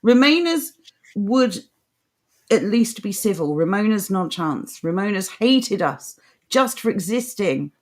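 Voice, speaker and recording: A woman's voice: mid-range voice, lively intonation, a little slow, darkish tone. A woman co-hosting a chatty opinion podcast, talking bluntly and with open scorn. She laughs easily, mocks freely and is just as cutting when she reads from a page. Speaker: podcast co-host. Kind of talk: casual opinionated chat, reading an article aloud.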